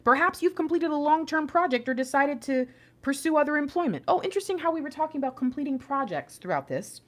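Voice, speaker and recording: A woman's voice: high-pitched, animated, quick pace. A woman giving a casual, chatty tarot reading, preaching emphatic asides straight to her viewers. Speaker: intuitive tarot reader.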